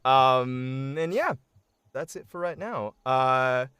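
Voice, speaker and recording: A man's voice: mid-range voice, expressive, takes it slowly, sharp tone, clear, resonant tone, dry recording. A man running a tabletop game on a stream, narrating casually with many fillers.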